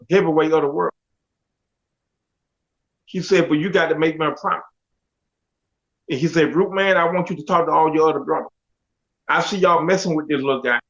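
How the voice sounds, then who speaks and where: A middle-aged man tells his life story in a high, lively voice and acts out the lines of the people in it. The recording sounds dull and lo-fi. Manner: animated, quotes others in dialogue. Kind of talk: casual storytelling. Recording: dull lo-fi audio.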